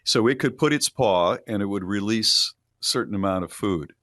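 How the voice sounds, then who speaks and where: A middle-aged man co-hosts a morning show and speaks in a plain, conversational way. His voice sits on the low side and sounds dry and close to the mic. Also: normal speed, sharp tone, dry recording. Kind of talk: casual chat.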